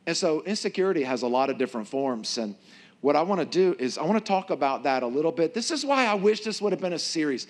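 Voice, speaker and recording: A male pastor giving a sermon in a conversational, animated storytelling way. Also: a little high, quick pace.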